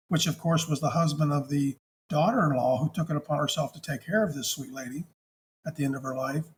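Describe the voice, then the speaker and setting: A man working as a hospice chaplain, telling a story in a gentle, affectionate, conversational way. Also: on the high side, slight background noise.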